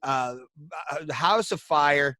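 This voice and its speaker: A man's voice: a little high, animated, takes it slowly, pushed and bright, smooth, no echo. A man co-hosting a podcast, chatting casually with playful jokes and hype. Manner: joking, playful hype with goofy asides. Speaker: podcast co-host. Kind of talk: casual chat.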